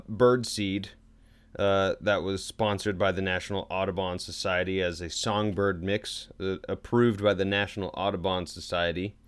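Young male co-host, slightly low voice, easygoing and wry. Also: smooth. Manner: relaxed, joking, casual. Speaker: podcast co-host. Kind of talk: casual chat.

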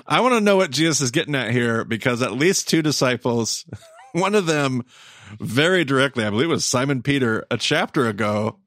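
A man's voice: medium pitch, lively intonation, moderate pace, pauses often, a bit bright, no echo. A man hosting a podcast, thinking aloud in a casual Bible study discussion, searching for words and restarting phrases. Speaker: podcast host.

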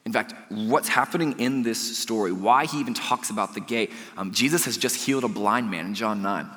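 A male pastor preaching a sermon, animated, with soft, emphatic pauses. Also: on the low side, in a large hall.

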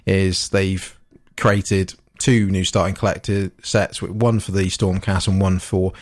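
A man's voice: low-pitched, flat delivery, a little slow, dry recording, clean studio sound. A man co-hosting a podcast, chatting casually about hobby news and rambling with frequent fillers and restarts. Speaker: podcast co-host. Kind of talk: casual chat about tabletop miniatures news.

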